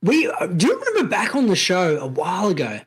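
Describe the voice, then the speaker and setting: Animated Australian man, husky and lively. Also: high voice, a little fast. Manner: swearing, laughing, animated storyteller. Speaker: podcast co-host. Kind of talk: casual chat.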